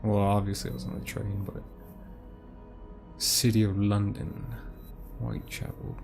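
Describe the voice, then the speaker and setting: A man's voice: fairly low pitch, level tone, a little slow, creaky, a little mellow. Laid-back man commentating his gameplay. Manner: laid-back, swearing, reacting aloud. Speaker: streamer. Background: game music.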